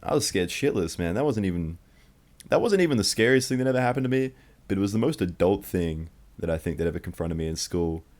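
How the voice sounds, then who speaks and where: A man's voice: deep voice, expressive, quick pace, a little mellow. A young man telling a true childhood story in one take, rambling and profane.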